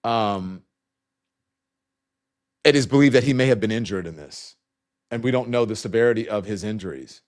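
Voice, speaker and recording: A man's voice: on the low side, moderate pace, long pauses, a little mellow. A middle-aged man hosting a live online news talk show, loose and conversational, greeting viewers and breaking off to talk to his staff. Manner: loose and conversational, with frequent restarts and asides to staff. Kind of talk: live-stream news commentary with viewer shout-outs.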